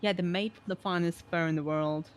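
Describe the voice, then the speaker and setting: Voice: medium pitch, fairly even intonation, brisk, faint music behind, natural voice. Someone playing a blunt, rambling woman. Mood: oversharing. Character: eccentric oversharing woman in a police car.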